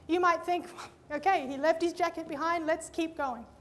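A woman's voice: very high-pitched, moderate pace, slight background noise. A woman preaching a sermon, telling a story and speaking directly to her listeners as friends. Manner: lively storyteller who acts out both sides of conversations; addresses the audience directly with "friends" and "Amen?".

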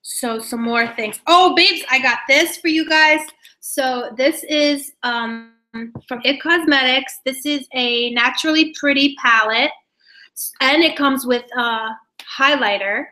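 A young woman hosting a casual live beauty giveaway stream, chatting excitedly with viewers, laughing often and trailing off mid-sentence. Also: high-pitched, slow, low-quality recording. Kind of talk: casual live-stream chat reading comments.

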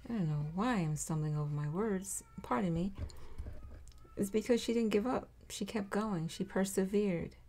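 A woman's voice: mid-range voice, normal speed, mellow. A woman doing a tarot reading, speaking directly to her viewers in an encouraging way and repeating her reassurances. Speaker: tarot reader.

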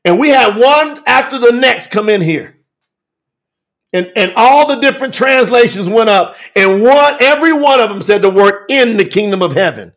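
A fiery male preacher with a very high, gravelly voice. He hammers his points with repetition, jumping from shouted declarations to hushed asides. His grammar leans on Southern US dialect. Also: lively intonation, normal speed. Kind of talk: fiery telethon sermon.

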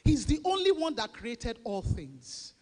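A woman pastor preaching a sermon, leading the congregation in call-and-response and often rising to shouts. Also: fairly high pitch, sing-song, unhurried. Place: church. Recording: long reverb of a large church hall.

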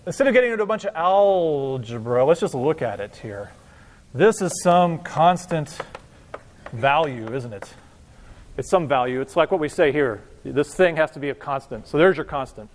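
A physics professor gives a live lecture in a high voice, joking and talking straight to his students. He sounds casual and loose. His voice rings with the long reverb of a large lecture hall. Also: expressive, moderate pace. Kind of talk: university lecture.

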